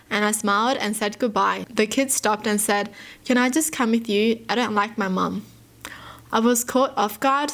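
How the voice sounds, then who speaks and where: A woman's voice: fairly high pitch, fairly bright tone. Emotive woman reading stories. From Australia. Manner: emotive, sympathetic, gasps and sighs, chatty fillers. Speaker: YouTuber. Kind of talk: reading stories aloud and reacting.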